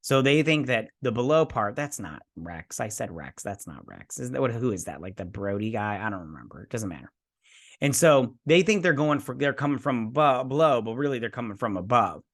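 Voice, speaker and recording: A man's voice: medium pitch, big pitch swings, a little fast. A man hosting a casual episode recap and review, rambling through a loose play-by-play and adding his own sound effects. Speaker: host.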